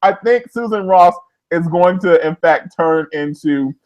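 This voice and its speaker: A man's voice: a little high, a little slow, muffled recording, background noise. A man co-hosting a TV recap podcast, bantering with enthusiasm. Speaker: podcast co-host. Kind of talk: TV episode recap chat.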